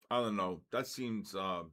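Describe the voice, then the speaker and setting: An older man with a lowish voice hosts a live trading session. He gives blunt, excitable commentary on the markets and fields chat questions with quick asides.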